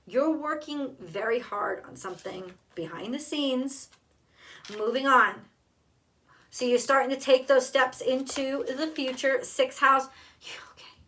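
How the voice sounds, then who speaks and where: A woman's voice: sits high, measured pace, a bit bright, far from the mic. A woman doing a tarot card reading, talking straight to the viewer, emotional and blunt, swearing freely. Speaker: tarot reader.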